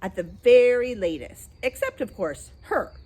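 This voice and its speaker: A woman's voice: fairly high pitch, animated, measured pace, darkish tone, slightly rough, pitched above the performer's own voice. A woman voicing a cheeky, knowing male starling in a storybook reading, with a mocking manner. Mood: jeering.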